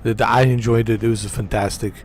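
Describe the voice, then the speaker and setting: A man's voice: lowish voice, level tone, brisk, darkish tone, faint music behind, natural voice. A man doing an impression of a boastful, aging male action-star bodybuilder, in a rambling, self-mocking way. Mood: playful boasting.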